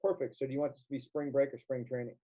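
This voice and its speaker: Dark-voiced man on a dull line. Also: medium pitch, flat delivery, rapid-fire. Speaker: sales coach and host. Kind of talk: conversational interview. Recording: dull lo-fi sound.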